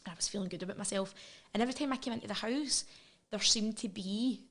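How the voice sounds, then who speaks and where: A Scottish woman in her thirties talks candidly as an interview guest. She speaks with raw feeling and often stumbles and restarts her sentences. Her voice sits at an ordinary middle pitch. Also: fast, fairly bright tone. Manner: frank and emotional, with frequent restarts.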